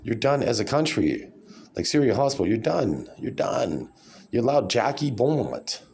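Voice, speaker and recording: Gravelly, sarcastic man in his forties. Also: mid-range voice, sing-song, moderate pace, a little mellow. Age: 40s. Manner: sarcastic, rambling, blunt. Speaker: vlogger. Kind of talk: casual vlog rant.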